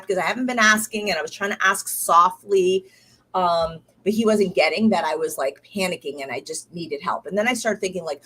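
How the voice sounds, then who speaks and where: A woman's voice: lowish voice, moderate pace, fairly bright tone. A woman in her thirties chatting casually diary-style, rambling with many fillers and restarts, tired and recovering from illness. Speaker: podcast host.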